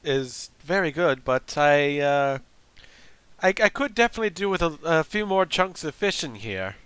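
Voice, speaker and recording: A man playing in a tabletop game, speaking in an unhurried, dry way. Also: on the high side, animated, fairly bright tone, clean tone, dry recording. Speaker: player. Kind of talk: casual play banter.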